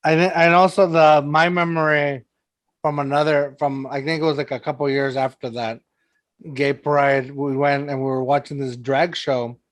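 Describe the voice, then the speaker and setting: With a slightly high voice that stays fairly flat, a San Antonio, Texas man hosts a podcast at a normal pace. He tells casual, meandering stories packed with "like" and plenty of laughs.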